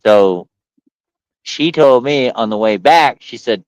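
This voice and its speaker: A man's voice: medium pitch, takes it slowly, long pauses, dry recording, rough recording. A man on a casual livestream chat, telling stories and acting out quotes with lots of energy. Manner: animated storyteller, acts out quotes. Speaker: livestream co-host.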